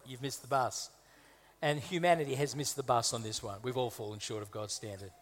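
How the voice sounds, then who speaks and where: In a church hall with reverberant acoustics, a Maltese guest preacher speaks fairly quickly at a medium pitch and in a steady tone. The sermon is conversational, with humorous asides and emphatic repetition.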